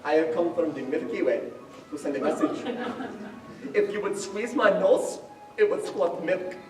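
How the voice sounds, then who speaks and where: Cyrano, a young man playing a booming long-nosed showman. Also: expressive, moderate pace. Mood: manic, theatrical. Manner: loud, wildly theatrical, booming declamation. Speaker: stage actor. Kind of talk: school stage play. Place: school theatre stage. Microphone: far room microphone. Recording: very echoey stage recording from far off, faint music.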